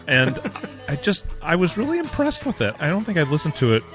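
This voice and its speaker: A man's voice: on the high side, wildly swooping pitch, a little fast, over music. A man co-hosting a podcast, chatting casually with dry, wisecracking humor. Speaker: podcast co-host. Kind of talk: casual chat.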